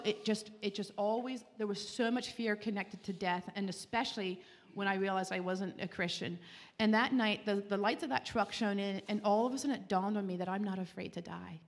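Woman, mid-pitched, earnest and heartfelt testimony storytelling, halting restarts, long hall reverb. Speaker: speaker giving a Christian testimony.

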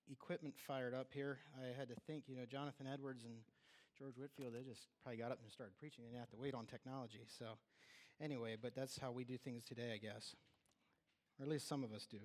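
Speaking a little fast in a steady, medium-pitched voice, this man delivers a sermon with a relaxed, conversational feel. He frequently begins sentences over and performs other people's words aloud, all carried by long hall reverb.

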